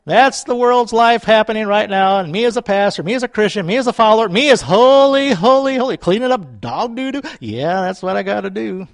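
A man, a pastor, preaching a sermon with fervent repetition and calls to the congregation, chuckling often and at times dropping to a soft, low voice. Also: lively intonation, a little fast, hardly any pauses, dry recording, studio quality.

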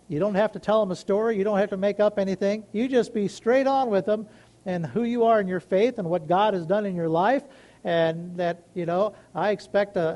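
High-voiced man in folksy faith talk. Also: mellow. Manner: earnest, rambling, folksy storytelling with many asides. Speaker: Christian speaker sharing a personal story. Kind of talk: casual devotional talk.

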